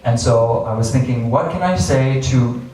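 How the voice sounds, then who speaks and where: A man's voice: medium pitch, normal speed, warm tone. A man in his thirties tells a personal story to a live audience, acting out his own past thoughts with chuckles. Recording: very echoey, distant, faint hiss.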